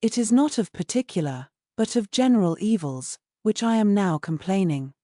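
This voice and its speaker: A woman's voice: medium pitch, expressive, moderate pace, mellow, no echo, clean studio sound, natural voice. A woman voicing an earnest, sensible young woman in a storybook, pleading her case plainly.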